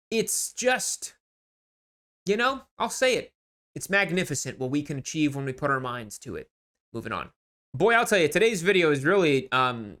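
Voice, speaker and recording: A man hosting a motorcycle channel, giving casual, sarcastic and animated commentary as he mocks online sale listings. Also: on the high side.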